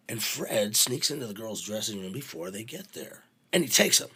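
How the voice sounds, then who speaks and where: A middle-aged man telling backstage stories in a casual, animated way, swearing freely and using lots of fillers. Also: lowish voice, normal speed, few pauses, breathy edge. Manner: animated, profane, full of fillers. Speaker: podcast guest, venue manager. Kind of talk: casual anecdotal storytelling.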